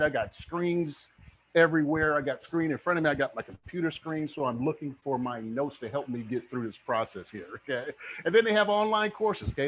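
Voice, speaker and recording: Energetic motivational man teaching a webinar. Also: on the high side, highs cut off. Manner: energetic, motivational, keeps asking "okay?". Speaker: real estate instructor. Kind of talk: live online webinar teaching.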